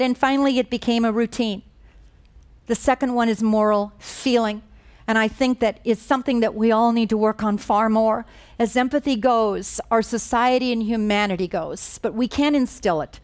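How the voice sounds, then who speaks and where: A woman's voice: on the high side, moderate pace, darkish tone. A woman giving a lecture on moral education, telling stories in an earnest, emphatic way. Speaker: guest speaker on moral education. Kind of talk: lecture with storytelling.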